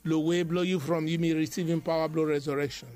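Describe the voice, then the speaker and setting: A man leads a devotional sermon, his voice sitting fairly high. He drives his message through rhythmic, emphatic repetition, and soft music plays quietly behind him. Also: steady tone, fast. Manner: repetitive, emphatic preaching cadence. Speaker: preacher.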